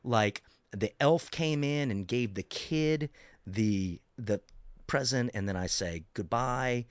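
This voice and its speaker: A man's voice: medium pitch, slow, dry recording. A man telling an anecdote in casual podcast chat, talking with lots of fillers and acting out other people's voices. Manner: animated storyteller, lots of fillers, acts out voices. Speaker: actor telling a story.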